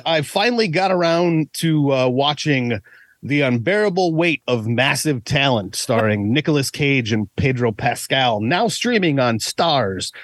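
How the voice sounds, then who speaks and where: Dude co-hosting a podcast, dry close mic, wry and offhand. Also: male voice, a little high, no echo. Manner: wry, offhand, swears casually. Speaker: podcast co-host. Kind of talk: casual chat.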